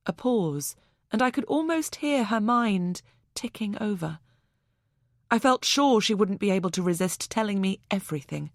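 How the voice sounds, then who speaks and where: A woman narrating a suspense audiobook in the first person with tense, measured delivery. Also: mid-range voice, lively intonation, dry recording, clean studio sound.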